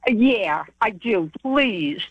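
A woman's voice: medium pitch, expressive, very slow, breathy edge, dry recording, dull audio. A woman calling into a radio show, speaking with a New York accent and protesting good-naturedly. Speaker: caller.

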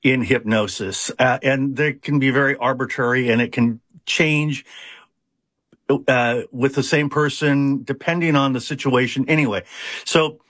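A man's voice: mid-range voice, steady tone, measured pace, fairly bright tone, dry recording, clean studio sound. A man who runs a hypnosis practice, explaining his methods in an interview with frequent fillers and restarts. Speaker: hypnotist, founder of a hypnosis center. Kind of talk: conversational interview answers.

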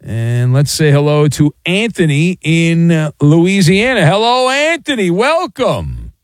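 A man's voice: on the high side, huge pitch swings, measured pace, no echo. Joking male radio host, dry studio sound. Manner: rambling, joking, reads listener messages aloud. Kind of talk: casual sports radio talk. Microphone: studio microphone.

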